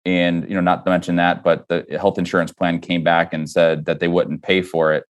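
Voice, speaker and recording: A middle-aged man, a company founder, telling a personal faith story as a podcast guest in an earnest, halting way with many restarts. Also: sits low, level tone, smooth. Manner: earnest, halting, with frequent restarts and "you know".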